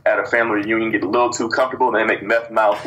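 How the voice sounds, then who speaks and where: Boastful trash-talking wrestler, bright voice. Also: male voice, fairly low pitch, level tone, rapid-fire, a little hiss or hum, poor audio. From Cleveland, Ohio. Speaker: wrestler guest. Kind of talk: casual interview storytelling.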